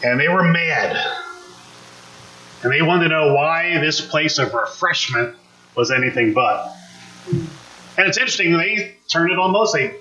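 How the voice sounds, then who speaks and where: A man's voice: fairly high pitch, animated, unhurried, pauses often, pushed and bright, echoey room, low-quality recording. A man preaching a conversational sermon, acting out quotes and asking the congregation questions. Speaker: pastor.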